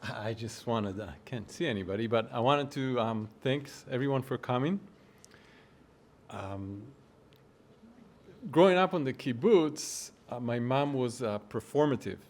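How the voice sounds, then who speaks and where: A man speaking off the cuff at his mother's memorial, halting and hesitant. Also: mid-range voice, lively intonation. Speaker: son of the deceased, eulogy speaker. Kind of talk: unprepared memorial remarks.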